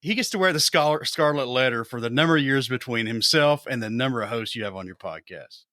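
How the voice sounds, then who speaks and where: A man's voice: mid-range voice, fairly quick, sharp tone, dry recording, studio quality. A man co-hosting a podcast in casual chat, joking and teasing. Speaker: podcast co-host.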